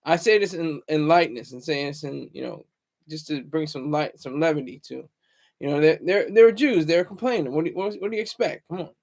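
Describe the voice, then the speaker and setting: A man's voice: on the high side, a little fast, a little mellow. A man hosting his own channel, talking in a loose, rambling monologue full of fillers and restarts. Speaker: channel host.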